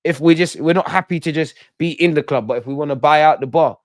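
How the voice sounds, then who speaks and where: A young man hosting a casual football fan commentary show, talking in a blunt, excitable way full of slang. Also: a little high, fast, dry recording, studio quality. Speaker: football channel host.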